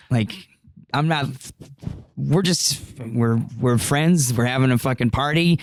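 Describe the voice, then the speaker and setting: A man's voice: mid-range voice, measured pace, dry recording, clean studio sound. A young man telling a party story in casual chat, rambling and profane, full of fillers. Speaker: podcast guest.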